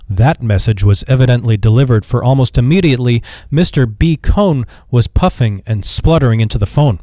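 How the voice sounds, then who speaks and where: Male audiobook narrator, measured delivery, mid pitch, dry booth sound. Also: lively intonation, mellow, dry recording. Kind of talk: scripted narration.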